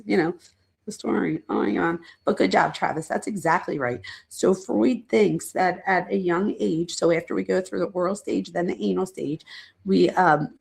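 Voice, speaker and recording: A middle-aged woman hosts a casual livestream, explaining ideas and talking straight to her viewers. Her voice is rough with fry and a little husky. She rambles, tosses in asides and pokes fun at herself. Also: on the low side, a little mellow. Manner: chatty, rambling, self-deprecating asides; addresses chat viewers directly. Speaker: psychologist and true crime channel host. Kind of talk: casual livestream lecture chat.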